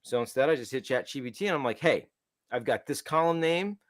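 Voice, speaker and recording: Animated, rambling man on a dry mic. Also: medium pitch, fairly quick, no room sound. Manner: rambling, animated storytelling with many restarts. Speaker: co-host of a developer podcast. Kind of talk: casual tech chat.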